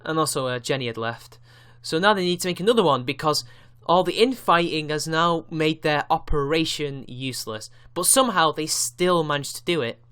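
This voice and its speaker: A man's voice: a little high, normal speed, fairly bright tone, clean tone. A man giving a ranting online commentary, indignant and sarcastic, with frequent swearing. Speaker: YouTube commentator.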